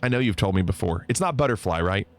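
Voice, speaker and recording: A man's voice: low voice, expressive, fast talker. A man casually chatting on a livestream, reading out viewer comments, teasing and laughing often. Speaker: streamer.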